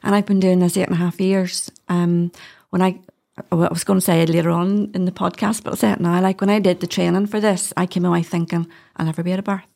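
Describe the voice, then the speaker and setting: A middle-aged woman with a Northern Irish accent talks in a relaxed, chatty way, her voice sitting a little low. She tells stories in long rambling runs, dropping in little laughs. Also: fast talker, vocal fry, few pauses. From Northern Ireland. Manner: chatty storyteller, laughs often, uses "wee". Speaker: doula, podcast guest. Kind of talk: casual interview chat.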